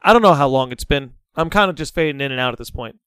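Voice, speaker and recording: A young man guesting on a podcast, telling a story in a casual, animated, dramatic way and swearing freely. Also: mid-range voice, fast talker, clean tone, no echo.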